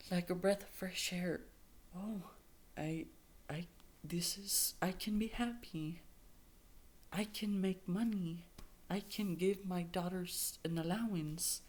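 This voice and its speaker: A woman's voice: fairly low pitch, creaky, a little hiss or hum. A woman vlogging about her life in a candid monologue, blunt and straightforward, swearing freely and rambling with many restarts.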